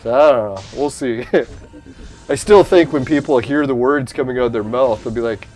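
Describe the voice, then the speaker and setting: A man's voice: medium pitch, moderate pace, darkish tone, soft background music. A man chatting casually on a livestream, rambling and swearing, laughing at his own points and talking straight to his chat viewers. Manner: addresses chat viewers directly.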